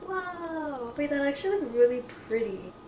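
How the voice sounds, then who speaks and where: A woman's voice: high-pitched, expressive, moderate pace, dark tone. A young woman casually chatting through a product review, filler-heavy and giggly. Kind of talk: casual chat. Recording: echoey room with faint noise.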